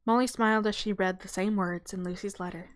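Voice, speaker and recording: A woman reads a children's novel aloud to her channel audience. Her pitch sits at an ordinary middle height. Her delivery is relaxed and unpolished, with occasional stumbles she corrects as she goes. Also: a little fast. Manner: relaxed reading with small stumbles and self-corrections; breaks off for a light aside and a laugh.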